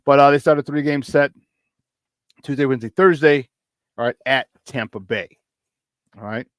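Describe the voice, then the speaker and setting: A man's voice: medium pitch, moderate pace, no echo. Male morning sports-talk host, mid-range voice, chatty and upbeat, dry close sound. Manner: upbeat, chatty, repeats words, laughs often.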